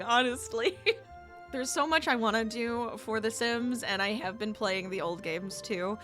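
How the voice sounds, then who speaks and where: A chatty, upbeat woman talks casually as she plays a game for her channel, laughing easily between thoughts. Her voice sits a little high, with music playing clearly behind her. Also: measured pace, fairly bright tone. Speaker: gaming YouTuber and streamer. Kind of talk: casual chat over gameplay. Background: background music.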